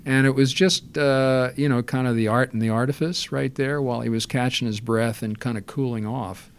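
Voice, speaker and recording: A man recalling past film work in relaxed, rambling storytelling, full of fillers and restarts. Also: mid-range voice, normal speed, clean tone. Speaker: interview guest.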